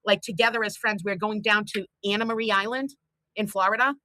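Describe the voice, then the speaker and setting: A woman's voice: medium pitch, fairly even intonation, fairly quick, pushed and bright, no echo, rough recording. A woman, chatting bluntly and telling stories as a show host. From Boston. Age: 50s. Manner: chatty storyteller, blunt and profane. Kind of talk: casual chat on a livestream.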